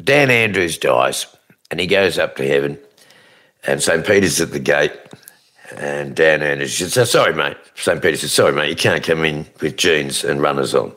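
A man's voice: extremely low pitch, lively intonation, normal speed, sharp tone. A man telling crude jokes on a radio show, acting out the characters in them. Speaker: radio co-host. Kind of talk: casual radio banter and joke telling.

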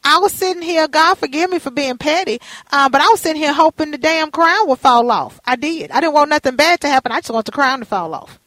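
A high-pitched woman hosts a radio talk show with a sassy, gossipy manner. She chats easily and calls her guests honey and girl. Her voice is close and dry, with no room sound. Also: animated, a little fast, hardly any pauses, fairly bright tone, dry recording.

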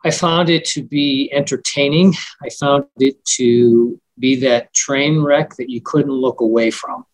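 Man, guest attorney, measured speech. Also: medium pitch, low-quality recording. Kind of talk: interview answers.

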